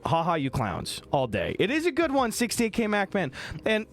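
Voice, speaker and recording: A man's voice: high-pitched, moderate pace. A young man from the American Midwest chatting casually on a live stream, joking, swearing and reading viewer messages aloud. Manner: animated, joking, swears a lot, reads chat aloud.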